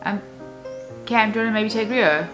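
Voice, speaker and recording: A woman's voice: on the low side, normal speed, low-quality recording. A young adult woman and new mother talking candidly in a casual personal vlog, rambling with many fillers. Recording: music playing underneath.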